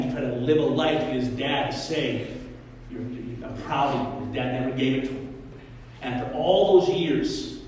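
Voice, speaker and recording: A man's voice: mid-range voice, a little hiss or hum. A man preaching a sermon as pastor, in a casual, joking, storytelling way. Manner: conversational, joking, animated storytelling. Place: church hall. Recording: echoey hall, mic far off.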